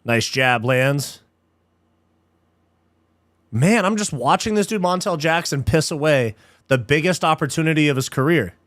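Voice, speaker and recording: A young man with a slightly higher voice hosts a live fight watch-along, fired up and frustrated by the action. He swears freely and keeps saying dude and bro. The sound is dry and close, with no room around it. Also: lively intonation, a little slow, long pauses, a bit bright, no room sound. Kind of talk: casual live commentary.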